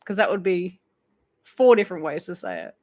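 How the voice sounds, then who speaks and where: A woman's voice: lowish voice, sing-song, normal speed, a little mellow. A woman with an Australian accent tinged with English, chatting casually on a live stream and reading viewer comments aloud. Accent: Australian with an English influence. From England. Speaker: crochet channel host.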